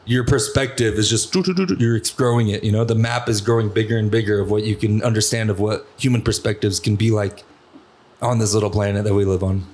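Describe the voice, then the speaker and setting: A man's voice: on the low side, level tone, a little fast, a little mellow. Rambling, profane young man host. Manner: rambling, profane storytelling with lots of fillers. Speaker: podcast host. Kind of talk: casual podcast chat.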